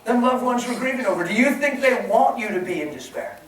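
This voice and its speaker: A man preaching a sermon, swinging from hushed, almost whispered words to loud, excited shouting. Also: very high voice, brisk. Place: large church hall. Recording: echoey hall, voice from far off.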